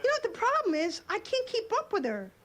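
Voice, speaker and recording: Young woman stand-up, high voice, wry punchlines, stage mic, noisy room. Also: huge pitch swings, fast. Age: young adult. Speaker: stand-up comedian. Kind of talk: stand-up comedy routine. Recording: club stage mic over a laughing crowd.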